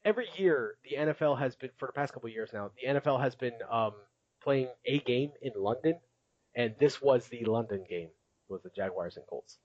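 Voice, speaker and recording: This man hosts a casual podcast, chatting and laughing a lot as he recaps, with lots of filler words. He talks fairly quickly and animatedly in a mid-range, darkish voice, and the audio sounds dull.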